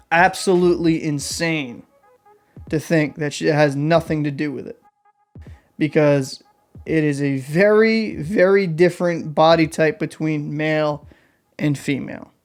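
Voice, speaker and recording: A young man hosting an opinion vlog, talking in a blunt, heated and combative way. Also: high voice. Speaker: vlog host. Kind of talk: opinion commentary rant.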